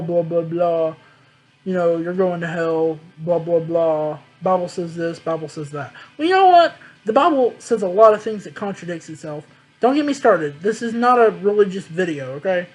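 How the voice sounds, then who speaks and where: A man's voice: sits high, rough recording. A young man vlogging, telling a personal story in a blunt, candid way and swearing freely. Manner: blunt, profane, emphatic.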